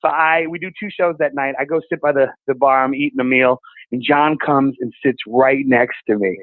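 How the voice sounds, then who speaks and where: A male comedian guest telling stories in animated conversation, acting out other people's voices. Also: mid-range voice, brisk, no room sound. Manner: animated, acts out voices in anecdotes. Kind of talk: storytelling conversation. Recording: tinny phone-like call audio.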